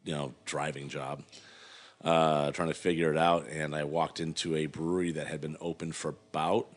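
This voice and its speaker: A man's voice: very deep voice, level tone, moderate pace. A middle-aged man, a guest brewer, telling a long rambling story in a casual interview, full of fillers and acted-out quotes.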